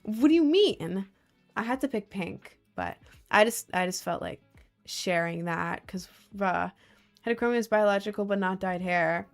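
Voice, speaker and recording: A young woman from the States streams live, tossing out sarcastic jokes as she answers chat. She laughs a lot and keeps it loose and casual, her voice sitting in a middle pitch. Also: expressive, moderate pace, soft background music. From United States. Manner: joking, sarcastic, laughs often.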